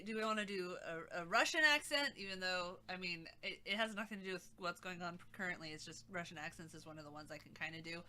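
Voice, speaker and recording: Une femme qui anime un stream en direct et bavarde de façon décousue, avec des remarques sarcastiques. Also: female voice, medium pitch, pushed and bright. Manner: rambling, sarcastic asides. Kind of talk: casual live-stream chat.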